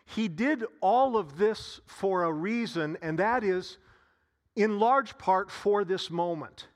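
Male pastor, sermon delivery, high voice, slow and deliberate, repeats key phrases. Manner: slow, repetitive preaching with dramatic pauses and sighs.

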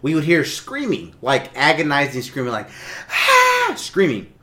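A man's voice: medium pitch, big pitch swings, moderate pace, bright, forceful tone. A man telling a long rambling story in casual chat, with many restarts and laughs.

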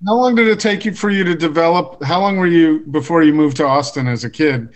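Male host, kinda high voice, casual curious interview. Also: a little fast. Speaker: podcast host.

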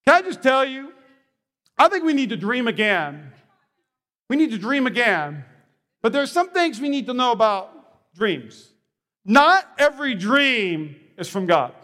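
A man with a strikingly high voice preaches a sermon, spinning animated stories and stumbling over repeated words as he restarts. His voice rings out with a long reverb from the hall around him. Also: unhurried, long pauses. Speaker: pastor.

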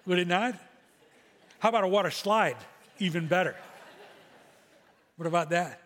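Higher-voiced pastor preaching in a reverberant church. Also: male voice, normal speed, fairly bright tone, slight background noise. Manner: conversational, self-deprecating preaching. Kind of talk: sermon.

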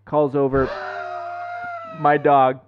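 A young man co-hosting a podcast, telling stories in a profane, animated way. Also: mid-range voice, takes it slowly, clear, resonant tone. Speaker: podcast co-host. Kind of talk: casual chat. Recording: dull lo-fi podcast mic.

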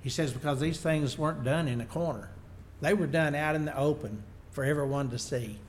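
A man's voice: on the high side, brisk, a little hiss or hum. A man preaching a sermon, reading Bible verses aloud and then explaining them in plain words. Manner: unpolished, working slides as he goes.

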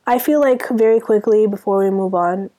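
A young Sudanese woman co-hosts a podcast, casually ranting in an exasperated tone and firing off rhetorical questions. Her voice is medium-pitched, fairly quick and mellow.

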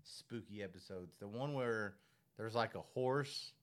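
A man co-hosting a podcast, joking and bantering in casual chat. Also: lowish voice. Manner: jokey, quick banter. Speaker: podcast co-host.

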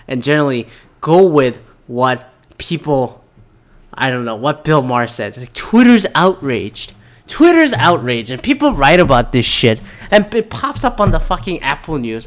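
A young man ranting casually about online news, swearing often, swinging between loud bursts and mumbled asides. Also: mid-range voice. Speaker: vlogger reacting to news.

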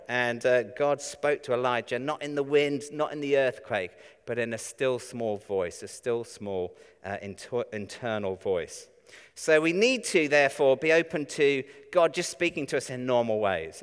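A man's voice: mid-range voice, fairly bright tone, clean tone. A man giving a sermon in a conversational way, often asking the congregation rhetorical questions. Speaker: preacher. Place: church. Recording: echoey church hall.

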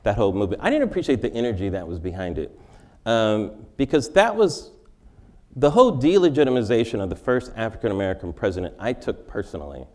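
A man's voice: lowish voice, sing-song, fast talker, a little mellow. A male comedian giving a wry comic lecture in a large forum, interviewing himself and laughing at his own jokes.

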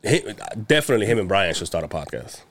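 A man's voice: low voice, big pitch swings, fast talker, fairly bright tone, a little hiss or hum. A man co-hosting a casual podcast, rambling through stories, swearing and laughing often. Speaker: podcast co-host. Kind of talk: casual chat.

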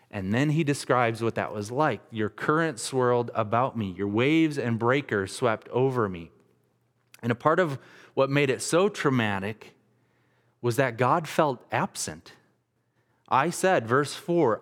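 A man's voice: medium pitch, expressive, measured pace, big-room sound. A man in his thirties, a pastor giving an earnest, conversational sermon with frequent restarts. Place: church sanctuary.

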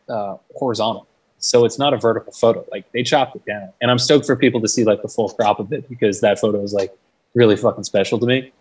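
A man's voice: mid-range voice, quick pace, darkish tone, slightly rough, distant mic, poor audio. A young man telling a story in a casual interview. He swears freely, fills his talk with "like", and acts out the voices of the people he quotes. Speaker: guest. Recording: mic set back from the speaker.

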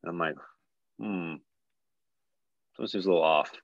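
Low-voiced man telling a rambling story. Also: normal speed, vocal fry, no echo, lo-fi sound. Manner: rambling, animated, acts out quotes. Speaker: guest, hockey player. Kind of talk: casual storytelling in a podcast chat.

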